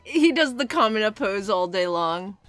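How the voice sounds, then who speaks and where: Giggly lady streamer, bright voice, bounces up n down, faint game music. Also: medium pitch, moderate pace, no room sound. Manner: giggly and animated, with frequent laughs. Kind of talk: casual game-stream chat.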